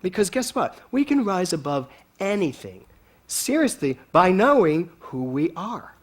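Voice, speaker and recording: Lively, laughing male preacher telling stories. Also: high-pitched, unhurried. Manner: animated, laughing storyteller. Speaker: speaker at a spiritual center. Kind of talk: storytelling sermon to a congregation.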